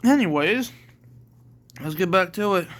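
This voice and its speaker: Slow, bright-voiced male storyteller. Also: high-pitched, lively intonation. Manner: slow and plain, with self-corrections. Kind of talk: reading a homemade story aloud.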